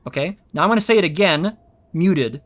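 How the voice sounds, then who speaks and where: A male VTuber with a high, animated voice chats casually on his own stream, talking a little fast. He rambles and explains things into his streaming mic, full of ums and restarts.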